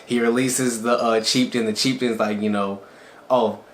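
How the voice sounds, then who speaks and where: A man retells an anime episode in a loose, excited, conversational way, as a channel reviewer. The room sounds echoey, and a faint background noise sits under his voice. His pitch is mid-range for a man. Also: moderate pace. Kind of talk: casual episode recap.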